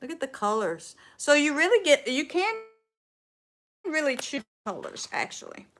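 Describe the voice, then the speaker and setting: A bright, fairly high-voiced woman with a Southern US accent chats through a crafting livestream. She talks in a folksy, rambling way and says "y'all" often. She trails off and restarts her sentences as she works. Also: very animated, moderate pace. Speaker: furniture upcycling livestream host. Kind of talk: casual livestream chat.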